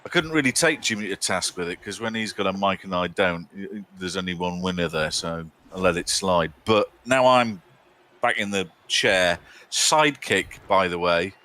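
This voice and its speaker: A man's voice: deep voice, normal speed, sharp tone, slight background noise. A man co-hosting a live game stream, chatting casually with a teasing, rambling manner and mock outrage. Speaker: co-host.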